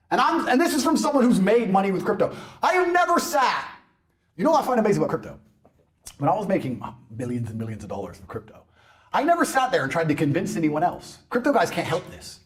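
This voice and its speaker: Brash mocking man, lively pitch. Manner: mocking, boastful, mimics people in loud bursts. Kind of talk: animated podcast rant.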